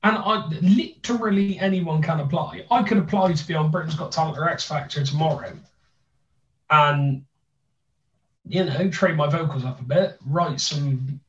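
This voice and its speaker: A man's voice: on the high side, a bit bright. A young man with a thick Bristolian accent, chatting casually as a podcast host, rambling with many restarts and fillers. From Bristol, England. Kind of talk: casual chat. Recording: roomy, distant, dull sound.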